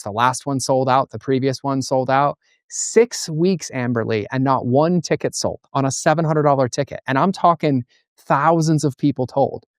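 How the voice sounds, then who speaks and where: A middle-aged man tells stories with energy and plays out the voices of people in them. His voice sits at an ordinary pitch and is recorded close and dry, with no room sound. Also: no room sound. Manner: animated storyteller acting out dialogue. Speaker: guest, entrepreneur and coach. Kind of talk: conversational interview.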